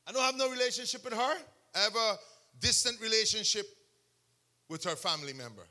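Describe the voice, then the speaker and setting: High, bright-voiced man preaching a testimony. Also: fairly quick. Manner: animated storytelling, bursts into shouts; acts out other people's words in quotes. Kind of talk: sermon testimony.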